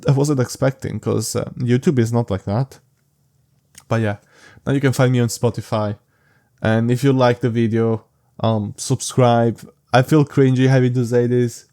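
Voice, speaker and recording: Sleepy rambling young podcast host, mellow voice. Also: male voice, mid-range voice. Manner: rambling, halting, frank. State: sleepy, yawning. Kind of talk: casual solo podcast monologue.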